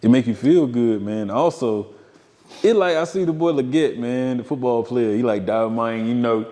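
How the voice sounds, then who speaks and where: A young man with a Southern Georgia accent, hosting a podcast and telling stories in a relaxed, slangy way. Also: medium pitch, normal speed, poor audio. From Fort Valley, Georgia. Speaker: podcast host, interviewer. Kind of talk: casual podcast chat. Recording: hissy recording.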